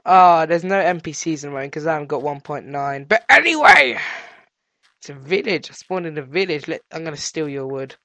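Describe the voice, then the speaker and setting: A teenage boy with a cold and sore throat, doing let's play commentary as a gaming channel host, excitable and yelping at discoveries. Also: on the high side, fairly quick, hardly any pauses, dry recording. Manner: excitable, yelps and squeals at discoveries, chatters to animals.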